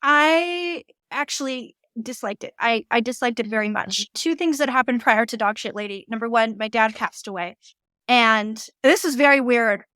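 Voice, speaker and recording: A woman, a medium, telling a story casually in an animated way and quoting people in little voices. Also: fairly high pitch, moderate pace, clean tone, no room sound. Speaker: guest medium and tarot reader.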